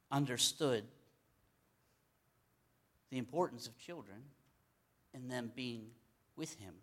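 A man's voice: medium pitch, a bit bright. A man teaching scripture in a loose, conversational sermon, often repeating words for emphasis and restarting phrases. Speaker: Bible teacher.

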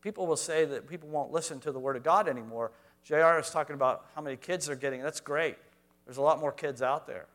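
A man preaching a sermon to a congregation, swinging between quiet asides and loud, emphatic lines. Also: a little high, fast talker. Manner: reads scripture aloud, addresses congregation directly. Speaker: pastor.

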